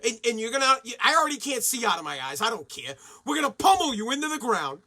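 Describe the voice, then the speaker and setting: A man with a strikingly high voice hosts a podcast, and he rants in a loose, excitable way full of swearing. His tone is bright and sharp. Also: quick pace. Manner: profane, excitable ranting. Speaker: podcast host. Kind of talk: casual podcast rant.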